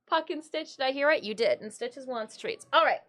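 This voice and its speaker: Chatty woman streamer, slightly high voice. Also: huge pitch swings, normal speed, fairly bright tone. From Michigan. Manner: chatty, greets viewers, talks to her cats. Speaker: live streamer. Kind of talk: casual live-stream chat.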